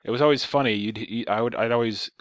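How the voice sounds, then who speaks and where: A man's voice: mid-range voice, quick pace, dry recording. A young man telling a rambling, profane, sarcastic story in casual chat. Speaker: storyteller vlogger.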